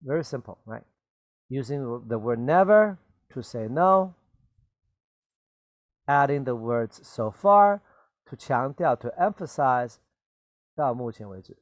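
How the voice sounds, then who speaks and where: A man's voice: medium pitch, animated, dry recording. A man teaching an English grammar lesson, patiently repeating example sentences and checking in with his students. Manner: patient and repetitive, checks in with "okay?" and "right?"; slow, deliberate explanations with stressed key words. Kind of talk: grammar lesson for Chinese-speaking learners.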